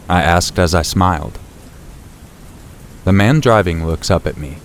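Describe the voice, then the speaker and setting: Deep-voiced man narrating a scary story. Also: measured pace, long pauses, a little hiss or hum. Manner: steady, low-key storytelling, rising sharply for shouted quotes. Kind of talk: scripted first-person narration. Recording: faint rain and thunder behind.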